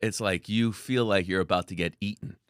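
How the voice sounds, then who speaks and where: A man, a company founder, telling laid-back, animated stories as a podcast guest. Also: fairly low pitch, fairly quick, dry recording, clean studio sound. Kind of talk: casual interview storytelling.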